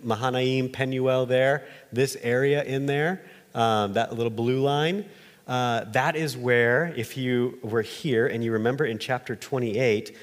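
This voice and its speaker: A man preaching a conversational sermon from a church stage, with animated delivery, quick jumps in pitch, and casual asides. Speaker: pastor. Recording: long hall reverb.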